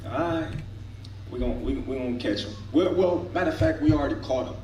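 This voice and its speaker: A man's voice: on the high side, fairly quick. A man from the United States, a boxer at a press conference, trash-talking in a slangy, boastful, playful way. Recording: echoey hall mic, far off, crowd noise.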